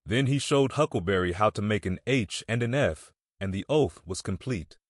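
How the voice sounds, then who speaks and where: A man with a fairly low voice reads a classic novel aloud in a measured storytelling way. The recording is dry and close with no room sound. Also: animated, no room sound. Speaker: audiobook narrator. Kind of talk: scripted narration.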